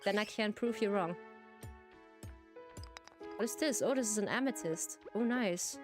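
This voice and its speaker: Streaming a game, an Austrian-accented woman whose first language is German talks casually with her audience, giggling and repeating herself a lot. She speaks unhurriedly at medium pitch, with music in the background.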